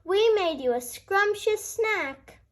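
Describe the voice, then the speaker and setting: A woman's voice: extremely high pitch, lively intonation, takes it slowly, voice pushed up, exaggerated voice. A woman voicing a cheerful, fearless young male hare in a storybook reading, eager and helpful. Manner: bright and eager.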